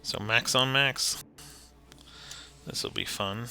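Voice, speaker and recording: A man's voice: medium pitch, bright, forceful tone. A man acting as game master of a tabletop game stream, talking casually and laughing between rulings. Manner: casual, laughing, quick asides.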